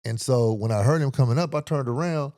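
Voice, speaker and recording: Bay man hosting a podcast, animated storyteller, curses freely, makes sound effects, dry close sound. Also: medium pitch, brisk, no room sound. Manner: animated, profane, uses vocal sound effects. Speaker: podcast host. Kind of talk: storytelling commentary.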